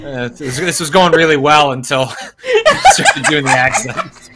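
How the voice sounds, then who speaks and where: A man's voice: fairly high pitch, huge pitch swings, unhurried, very noisy. A man co-hosting a casual game stream, joking in a mock-stern way. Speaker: stream co-host.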